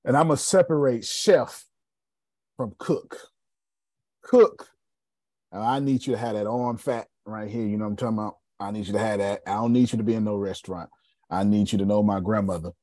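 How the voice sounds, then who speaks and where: A man's voice: lowish voice, fast, no room sound. A man, giving a casual, joking sales seminar and checking in with his audience. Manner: animated, joking, asks the room for agreement. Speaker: sales coach. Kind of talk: casual seminar talk to a group.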